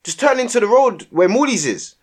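Animated young man, husky voice. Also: extremely high pitch, brisk. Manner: animated, slangy, acts out his own shouted lines. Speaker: podcast co-host. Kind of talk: casual storytelling chat.

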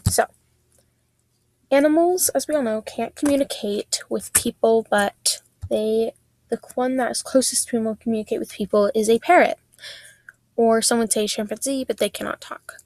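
A woman's voice: on the high side, normal speed, a little mellow, dry recording, poor audio. A fourteen-year-old girl hosting her own true-crime podcast, telling a case in a casual, chatty way with many fillers and restarts. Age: teens. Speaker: podcast host.

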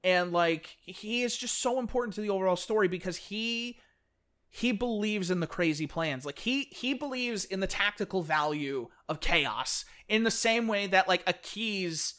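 A man co-hosting a casual podcast chat, animated, often acting out characters' lines. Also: high-pitched. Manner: animated, fast-talking enthusiast who acts out characters' lines. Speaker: podcast co-host. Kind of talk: casual chat about books.

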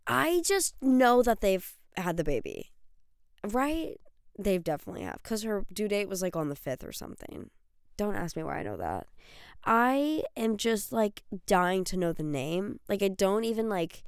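Young woman podcaster rambling on, unhurried, smooth clear voice, dry close mic. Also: medium pitch, very animated, dry recording. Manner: gushing, rambling, lots of fillers and self-corrections. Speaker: podcast host. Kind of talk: solo chatty podcast rant.

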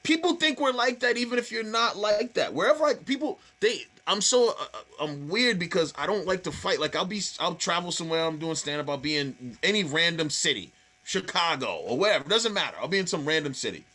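A man's voice: high voice, expressive, fairly quick, sharp tone. A man from the Boston area with a Boston accent, a stand-up comedian telling stories in casual podcast chat, swearing freely. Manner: swearing, storytelling, acts out quoted voices.

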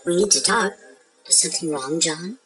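A woman's voice: lowish voice, normal speed, fairly bright tone, soft background music, natural voice, poor audio. A woman playing a concerned wife in a scripted comedy sketch, earnestly explaining herself to her husband. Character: devoted, puzzled wife in a skit.

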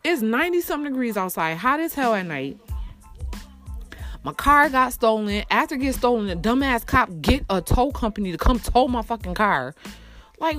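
Furious profane woman ranting about her day. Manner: heated, profane, exasperated, swings between shouting up and muttering low. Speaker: single mother telling a personal story. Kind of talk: angry storytime rant.

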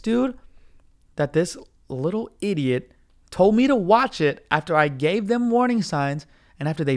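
A young man hosting a podcast, telling a profane, animated story in a ranting casual monologue. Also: fairly high pitch. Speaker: podcast host.

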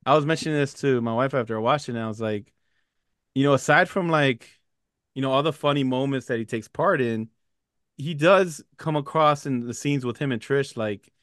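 A man co-hosting a casual movie podcast, animated and laughing as he retells scenes. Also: medium pitch, moderate pace, smooth, no echo, clean studio sound. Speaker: podcast co-host.

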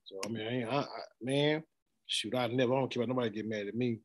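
A man's voice: medium pitch, steady tone, fast. A middle-aged man preaching a blunt, informal sermon and laughing often as he speaks. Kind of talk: street sermon.

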